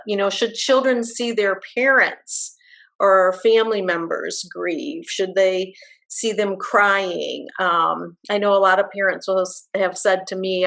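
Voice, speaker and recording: A woman hosting a webinar discussion over a video call, her voice sitting at a medium pitch. She speaks thoughtfully and haltingly, often restarting her sentences. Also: steady tone, creaky, a bit bright. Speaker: bereavement manager, hosting the discussion.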